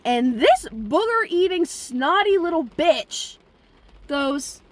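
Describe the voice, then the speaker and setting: A young woman with a high voice tells a story in a casual vlog. She speaks straight to her viewers, rambling and chatty. Now and then she breaks into sudden profane outbursts. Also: animated, measured pace, no echo. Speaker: vlogger.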